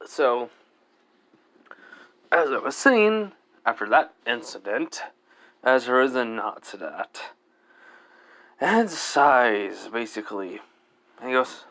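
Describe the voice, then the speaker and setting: A man's voice: mid-range voice, very animated, slow, pauses often, pushed and bright. A man casually improvising a fan-fiction story, rambling and leaning on fillers and self-corrections. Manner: rambling, heavy use of "basically" and self-corrections.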